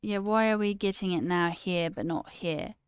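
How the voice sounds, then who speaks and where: A woman's voice: lowish voice, moderate pace, clear, resonant tone, no echo. Stream host, a woman learning on air, inquisitive and giggly, dry mic. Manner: curious questions, laughs often. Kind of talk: casual livestream chat.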